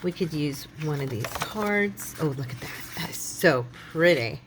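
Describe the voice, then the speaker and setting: Woman, middle-aged, low voice, rambling chatty crafting talk, quiet background hiss. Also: expressive, a little slow. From United States. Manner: chatty, rambling, laughs often, thinks aloud. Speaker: craft channel host. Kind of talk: casual crafting chat.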